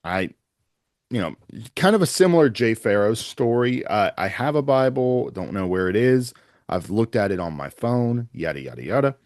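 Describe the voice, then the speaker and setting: Middle-aged male pastor, low voice, dry close sound, earnest rambling storyteller who quotes everyone. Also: animated, moderate pace, a little mellow, no echo. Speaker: pastor and evangelist. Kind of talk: storytelling in a podcast interview.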